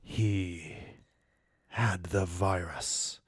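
A man voicing a huge, tender virus creature in a comic story reading, answering slowly and softly. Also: low voice, slightly rough, no room sound, clean studio sound, full character voice. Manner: slow, soft, calm replies. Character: huge, sad-eyed virus-man, soft-spoken and tender.

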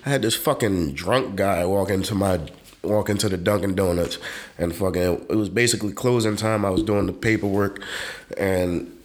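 A young man co-hosting a podcast, telling profane stories in an animated way with loud laughs. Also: low voice, moderate pace. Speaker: podcast co-host. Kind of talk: casual chat, storytelling.

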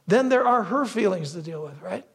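Guy preaching, kinda husky and gravelly, tells stories and does little voices. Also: high voice, animated, moderate pace. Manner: storytelling, acts out wife's lines and crow caws. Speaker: pastor. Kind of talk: sermon.

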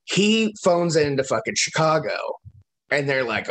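A man's voice: fairly high pitch, measured pace. Man swearing through a travel story. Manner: profane, animated anecdote-telling. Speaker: podcast co-host. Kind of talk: casual storytelling chat.

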